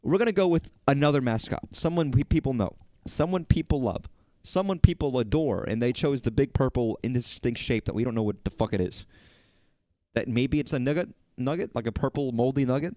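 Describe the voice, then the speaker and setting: A man's voice: medium pitch, darkish tone, no echo, studio quality. Rambling, swearing man on stream. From Texas. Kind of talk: casual rambling chat.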